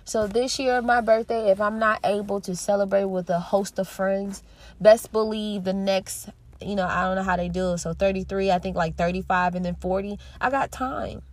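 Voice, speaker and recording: A woman in her thirties hosting a podcast, talking alone in an earnest, heartfelt way with pauses and restarts. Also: mid-range voice, fairly even intonation, no echo. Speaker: podcast host. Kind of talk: reflective solo monologue.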